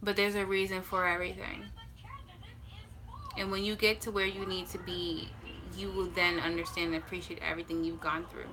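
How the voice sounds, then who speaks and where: A woman's voice: on the low side, flat delivery, background noise. A woman tarot reader talking casually on a livestream, blunt and reassuring, swearing freely and stretching out her key words for emphasis. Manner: emphatic, drawn-out stresses.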